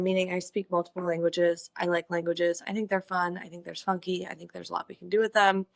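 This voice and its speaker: A chatty young woman hosts her own casual vlog in a playful, quirky tone. Her voice sits at an ordinary pitch for a woman. The sound is dry and close, with little room echo. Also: a bit bright. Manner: playful, chatty, exaggerated greetings. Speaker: vlogger.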